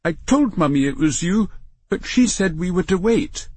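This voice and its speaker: A man voicing an earnest, polite little boy with a high voice who insists on getting things right. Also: lively intonation, normal speed, darkish tone, husky, no room sound.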